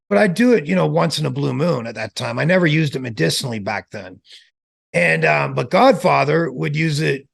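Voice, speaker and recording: A man being interviewed as a former pro wrestler, telling stories in a lively way, acting out quotes and laughing as he goes. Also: a little high, vocal fry, husky. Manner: animated storyteller who acts out quotes and laughs. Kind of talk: casual storytelling interview.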